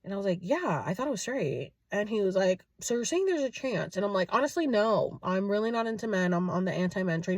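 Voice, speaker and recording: A woman in her late thirties, casually telling a story to her followers, animated and chatty, acting out both sides of a conversation. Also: medium pitch, quick pace, few pauses, dry recording, clean studio sound. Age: 30s. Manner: chatty, animated retelling with quoted dialogue. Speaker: vlogger. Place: at home, indoors.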